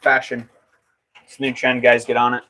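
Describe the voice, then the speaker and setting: A young man who chats casually as he works at the pottery wheel. He jokes, reads out comments and answers his viewers in a relaxed, easygoing way. His voice sits at an ordinary pitch for a man. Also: normal speed. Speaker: livestreaming potter. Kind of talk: casual livestream chat.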